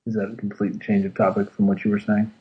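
A man's voice: fairly low pitch, monotone, fast, highs cut off. Dry-voiced male podcast co-host. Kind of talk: casual podcast chat.

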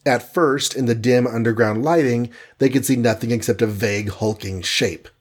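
A man narrating an adventure storybook aloud in a steady, dramatic reading. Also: medium pitch, moderate pace.

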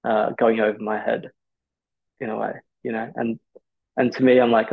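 Gravelly husky young man, reflective. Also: medium pitch, fairly even intonation, unhurried, long pauses, no room sound. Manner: thoughtful, hesitant, frequent restarts. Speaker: physiotherapist guest. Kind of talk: candid podcast interview answers. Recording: dull lo-fi podcast audio.

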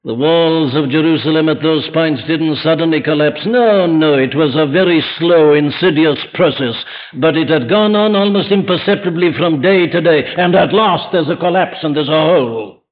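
A man's voice: a little high, moderate pace, few pauses. A man preaching an evening sermon to a congregation, emphatic and full of rhetorical questions. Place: church before a congregation. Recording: dull lo-fi archive sermon recording.

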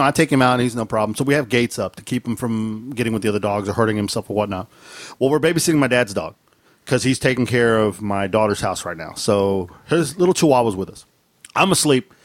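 A man's voice: medium pitch, dry recording. A middle-aged man telling a funny story in casual chat, laughing often and jumping into raised voices to act out quotes.

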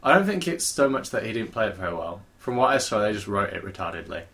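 A man's voice: fairly low pitch, very animated, quick pace, fairly bright tone. A man chatting casually as a podcast co-host, dry and sardonic. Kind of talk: casual chat.

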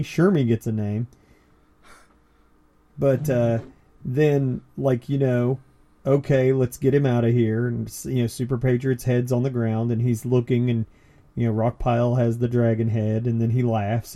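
A man talks through comic book pages in a loose, rambling way, often breaking into laughter. His voice is mellow and dark-toned, relaxed rather than bright. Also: medium pitch, moderate pace. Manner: laid-back, laughs often, rambling descriptions. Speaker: podcast co-host. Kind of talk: casual chat about comics.

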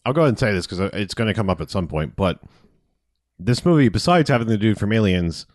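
A man's voice: fairly low pitch, lively intonation, fast, darkish tone, no echo, clean studio sound. A man chatting casually on a podcast about a film, rambling and acting out characters' lines in a raised voice. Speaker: podcast co-host. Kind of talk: casual movie review chat.

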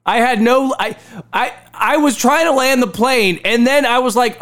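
A man's voice: very high voice, normal speed, fairly bright tone. A man hosting a political commentary show, talking in a sarcastic, mocking way and repeating phrases to ridicule them. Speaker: host.

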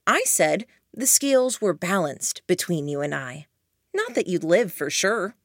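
A woman's voice: fairly low pitch, big pitch swings, unhurried, no echo, clean studio sound, heavily acted. A woman voicing a sly, cold-blooded teenage boy in an audiobook, speaking in a cutting, mocking way.

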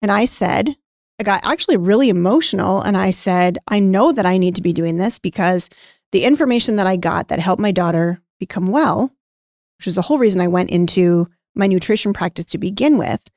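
A woman with a middle pitch and a gravelly fry tells a personal story on a podcast. She talks candidly and re-enacts past conversations, turning emotional at times. Her voice sits close and dry on the mic. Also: darkish tone, dry recording. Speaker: podcast co-host, former nutrition practice owner.

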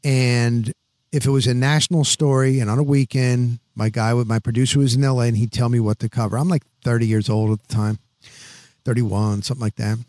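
A man in his sixties, a veteran sports reporter, telling stories on a podcast in an animated, rapid-fire way, full of "boom" and "blah, blah, blah". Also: no echo. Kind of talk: casual podcast storytelling.

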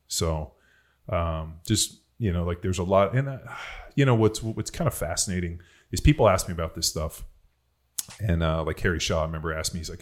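A man's voice: low-pitched, brisk. A man on a podcast, telling rambling personal stories in casual chat, swearing freely and filling with "like" and "you know.". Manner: rambling storytelling with frequent swearing and fillers. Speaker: podcast host.

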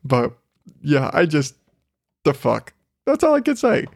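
A man's voice: a little high, huge pitch swings, measured pace, vocal fry, no room sound, clean studio sound. A man hosting a podcast in a casual monologue, ranting with lots of swearing and laughter. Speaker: podcast host.

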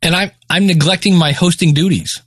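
A man's voice: high voice, brisk, no room sound, clean studio sound. A man hosting a live podcast broadcast, upbeat, reading sponsor thanks in an announcer-style radio voice through a heavily compressed mic. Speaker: host.

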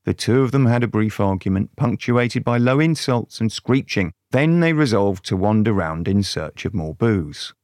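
A man's voice: lowish voice, animated, moderate pace, hardly any pauses, a little mellow, no room sound, studio quality. A man narrating a crude mock fairy tale in a sardonic way. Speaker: storyteller.

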